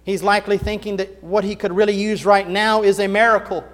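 A man with a high voice delivers an expository sermon, stressing words dramatically and breaking into casual everyday paraphrase. His voice carries a long reverb, as if heard in a large hall. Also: little pitch movement, a little fast, a bit bright. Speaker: preacher. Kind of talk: expository Bible teaching.

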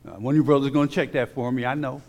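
A man's voice: mid-range voice, fairly even intonation, gravelly, darkish tone. Man preaching in a reverberant hall. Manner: emphatic, slows down when reading scripture; conversational asides with repeated restarts. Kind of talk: sermon.

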